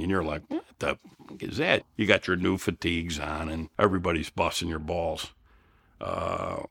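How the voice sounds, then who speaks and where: A man talks in a fairly low voice. He tells his stories bluntly and rambles, swearing often and starting his sentences over. The tone is casual, like an old veteran chatting. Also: pushed and bright. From Elmhurst, Illinois. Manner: blunt, profane, rambling with restarts. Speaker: guest, Vietnam veteran. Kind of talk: casual storytelling.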